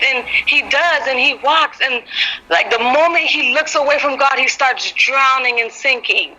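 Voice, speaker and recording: A woman's voice: sits high, measured pace, bright, forceful tone, rough recording. A woman teaching a women's Bible group, earnest and rambling, with lots of "you know" fillers. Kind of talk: informal devotional teaching.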